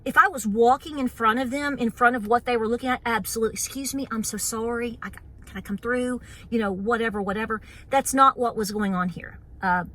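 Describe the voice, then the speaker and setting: A woman's voice: fairly high pitch, pushed and bright. A woman with an Appalachian accent, hosting her homestead channel and chatting casually to camera, full of fillers and playful mock voices.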